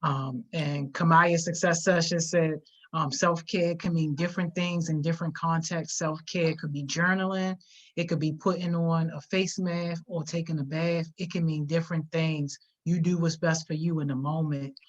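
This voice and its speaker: Low-voiced woman reading comments, lo-fi. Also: fairly even intonation, normal speed. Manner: warm, affirming, reads comments aloud. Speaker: co-host reading viewer comments. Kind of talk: casual chat. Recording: dull lo-fi audio.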